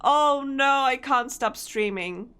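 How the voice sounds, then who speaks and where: A woman's voice: sits high, slow pace, bright, forceful tone, clear, resonant tone. A young woman, chatting casually with her live-stream audience, giggly and chatty. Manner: giggly, chatty, reacting to chat.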